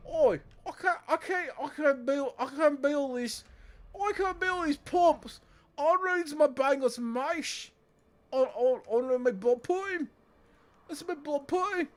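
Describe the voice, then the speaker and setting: Man doing a squeaky mock-British laborer. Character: high-pitched male British laborer, grumbling.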